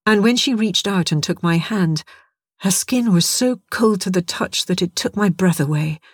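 A man's voice: sits high, moderate pace, dry recording, studio quality. A man narrating a first-person story in a vivid, darkly wry way.

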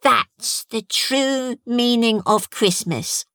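Storybook: small lisping boy, eager and proud, put on by a woman narrator, higher voice, dry sound. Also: extremely slow, pushed and bright, no echo, exaggerated voice. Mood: earnest.

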